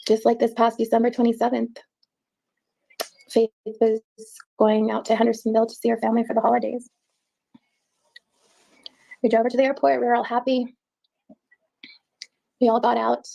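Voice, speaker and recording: A woman giving an emotional personal account in an interview, halting and repeating words as she speaks. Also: fairly high pitch, monotone, vocal fry, mellow, low-quality recording.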